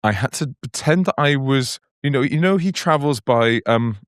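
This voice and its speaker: A man's voice: medium pitch, expressive, moderate pace, dry recording, studio quality. A man co-hosting a comedy podcast, telling stories and laughing often in casual chat. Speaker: podcast co-host.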